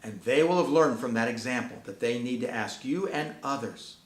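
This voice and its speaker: A man's voice: mid-range voice, normal speed. Earnest man giving parenting advice, echoey. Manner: earnest, folksy, preacherly storytelling. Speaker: Christian parenting speaker. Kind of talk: talk to parents.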